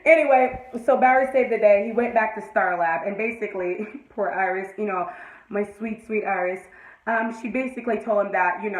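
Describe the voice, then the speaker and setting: A woman giving an excited, profane fan review of a TV episode, acting out the scenes and laughing often. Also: mid-range voice, brisk. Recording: echoey room.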